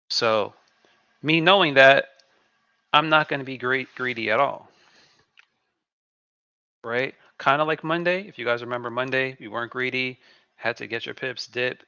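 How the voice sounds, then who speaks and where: A trading stream host gives live market commentary in a laid-back way, often repeating phrases to himself. His slightly low voice is heavily gravelly but bright and forceful. The audio is dry, dull and echo-free, like a lo-fi desk mic.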